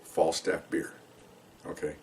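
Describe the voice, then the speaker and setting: A man's voice: slow pace, a little mellow, recorded from a distance. An older man, a retired police officer, telling stories in a casual monologue, checking in with "okay?" and acting out quoted dialogue. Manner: conversational, frequent "okay?" check-ins, acts out quoted dialogue.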